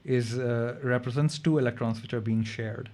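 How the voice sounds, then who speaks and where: A man's voice: medium pitch, fairly even intonation, normal speed, darkish tone. A man teaching a late-night online chemistry revision class. He talks casually and keeps checking in with his students. He sounds tired. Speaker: chemistry tutor.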